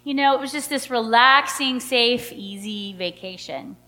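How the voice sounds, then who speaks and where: Middle-aged woman, chatty storyteller, high voice, long hall reverb. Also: unhurried. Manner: animated, chatty, many fillers. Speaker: mother telling a personal story. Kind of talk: personal storytelling.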